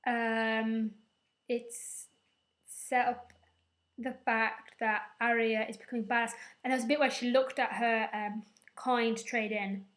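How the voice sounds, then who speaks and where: Young female vlogger, slightly high voice, chatty and rambling recap delivery. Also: level tone, a little slow, fairly bright tone. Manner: rambling, chatty, casual swearing. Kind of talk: casual episode recap.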